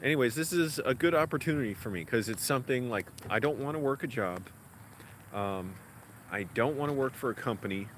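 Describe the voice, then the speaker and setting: A man's voice: medium pitch, animated, fairly quick, fairly bright tone. A man vlogging outdoors in a casual, rambling way, with lots of fillers. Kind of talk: casual vlog talk. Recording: outdoor street noise behind.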